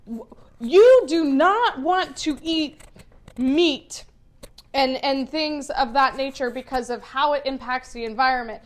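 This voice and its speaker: Fired-up high-voiced woman ranting. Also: measured pace. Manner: ranting, fired-up, swears a lot. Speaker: podcast co-host. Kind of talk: casual chat.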